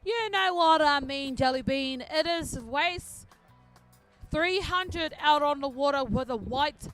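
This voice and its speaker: A woman giving chatty, joking, excitable live commentary on a canoe race outdoors. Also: sits high, a little slow, faint music behind.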